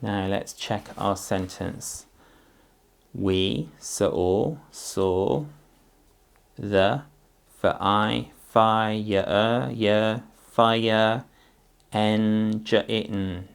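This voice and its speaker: A man teaching a phonics lesson to parents, speaking slowly and patiently as he sounds out words and syllables. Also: lowish voice, steady tone, creaky, clean tone.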